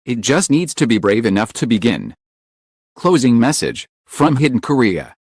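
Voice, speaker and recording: Male narrator, dramatic script read with wide pitch swings, dry close sound. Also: sing-song, moderate pace, slightly rough, no room sound. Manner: solemn, lingering emotional phrasing. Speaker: channel narrator.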